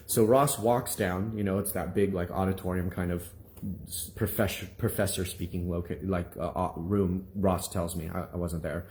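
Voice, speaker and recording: Animated man telling a story. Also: low-pitched, moderate pace. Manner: animated storytelling, acts out quoted voices. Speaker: minister. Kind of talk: testimony to viewers.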